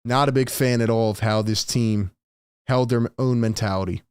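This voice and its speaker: A man's voice: mid-range voice, fairly even intonation, moderate pace, a little mellow, smooth, no room sound, studio quality. A man hosting a live-stream sports commentary, ranting in exasperation to his chat. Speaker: sports talk host.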